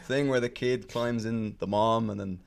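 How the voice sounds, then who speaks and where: A man's voice: lowish voice, fairly even intonation, normal speed, vocal fry, smooth. A man on a casual podcast chat, telling a long story in a rambling, profane way full of fillers and restarts. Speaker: podcast guest telling stories.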